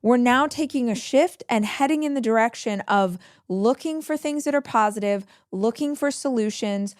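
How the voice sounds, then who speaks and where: A woman's voice: a little high, normal speed, no echo, studio quality. A woman hosting a podcast and giving advice in an earnest, emphatic way. She often repeats her key phrases. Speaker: podcast host. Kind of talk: advice monologue.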